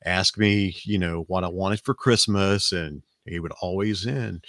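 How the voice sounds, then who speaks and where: A man's voice: low voice, measured pace, a bit bright, dry recording, clean studio sound. A man from the American South with a Southern accent, telling a rambling family story in casual chat, with frequent restarts. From Alabama, US South.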